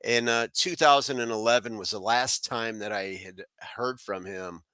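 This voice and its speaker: A man's voice: lowish voice, moderate pace, sharp tone, no room sound. A middle-aged man from South Florida, a guest telling a rambling personal story full of fillers and restarts. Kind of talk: casual storytelling.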